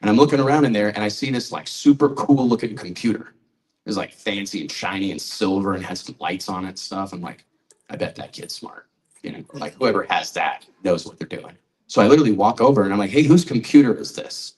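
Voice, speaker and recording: A man's voice: on the low side, fast talker, a little mellow, recorded from a distance, poor audio. A man in his forties, a magazine publisher, presenting honorees at a press conference and telling a story in a conversational way. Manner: storytelling, conversational, quotes people. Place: event hall at a trade show.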